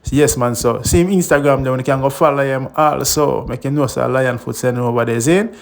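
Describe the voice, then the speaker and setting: A man's voice: mid-range voice, steady tone, brisk, gravelly. A man with a Jamaican accent hosting a reaction vlog, chatting in patois and laughing often. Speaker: host.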